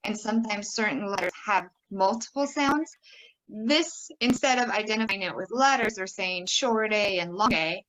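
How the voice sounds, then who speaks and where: A woman's voice: medium pitch, moderate pace, fairly bright tone, rough recording. A young adult woman giving a conference workshop presentation, upbeat and demonstrating word sounds by exaggerating them.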